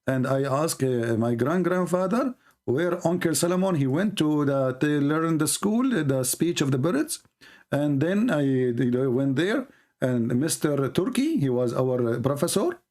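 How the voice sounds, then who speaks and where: A middle-aged man from the Middle East, hosting a live stream with a sarcastic, teasing monologue and drawn-out exclamations. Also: on the high side, expressive, a little mellow.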